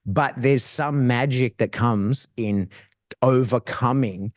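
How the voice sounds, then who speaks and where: A man's voice: mid-range voice, takes it slowly, dry recording, clean studio sound. A man who trains dogs, talking as a podcast guest in a casual, slangy way, often restarting his phrases. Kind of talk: casual explanatory chat.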